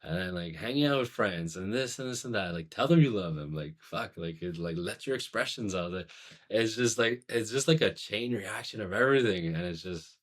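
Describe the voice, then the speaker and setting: Casting: deep-voiced male guest, loose rambling storyteller, full of fillers. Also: lively intonation, moderate pace. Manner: rambling, heavy on "like", swearing, laughing. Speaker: podcast guest, former firefighter. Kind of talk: casual storytelling.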